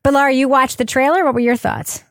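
Female podcast host, slightly high voice, dry close mic, casual and wry. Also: fairly even intonation, fast talker, fairly bright tone, no room sound. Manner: wry, joking, asks others in. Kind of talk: casual chat.

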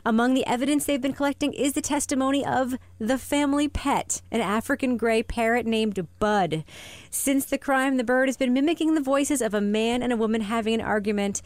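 A woman's voice: a little high, fairly quick, no echo. A woman hosting a podcast, chatting casually and reading news items with a wry edge. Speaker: podcast host. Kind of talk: casual chat.

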